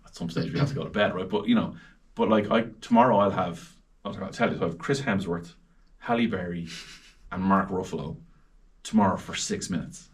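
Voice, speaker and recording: An Irish radio presenter, a guest on a podcast, chats animatedly about interviewing celebrities and acts out the voices he quotes. His voice is low and fairly quick, and he's recorded from a distance.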